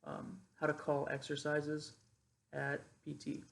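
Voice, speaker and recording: A young male ROTC cadet casually explains how to call exercises and demonstrates drill cadence. His voice sits on the high side, with vocal fry and a completely flat, unhurried delivery.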